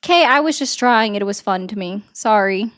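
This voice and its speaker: A woman's voice: medium pitch, animated, moderate pace, a bit bright. A woman hosting a political livestream, sarcastically answering viewer comments in a casual chatty way.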